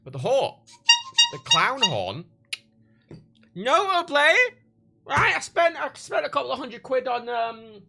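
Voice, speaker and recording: This British livestreamer's crude, rambling talk keeps breaking off and doubling back. His voice ranges widely in pitch and has a creaky quality, with a bright, forceful tone.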